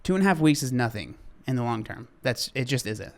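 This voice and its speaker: Man, mid-pitch, earnest reaction-video host who gets heated about fitness, then reins it in. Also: lively intonation, brisk, darkish tone, faint music behind. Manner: earnest, gets worked up and apologetic. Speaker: fitness commentator reacting to a clip. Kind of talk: casual reaction commentary.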